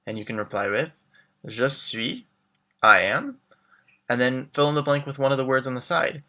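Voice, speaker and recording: A man teaching a beginner language lesson, modeling phrases slowly and clearly, then glossing them and prompting the learner to answer. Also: mid-range voice, bright, forceful tone. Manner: clear, slow modeled pronunciation with English glosses. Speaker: French teacher.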